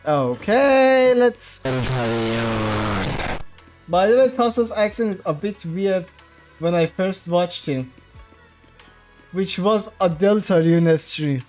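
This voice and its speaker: A man from Iran speaks English with a Persian accent, chatting playfully with viewers during a game stream. His pitch swoops and leaps about while his pace stays slow and easy. Faint background music plays under his voice. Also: very animated, a little mellow. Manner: laughs often, playful banter with chat. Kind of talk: casual game livestream chat.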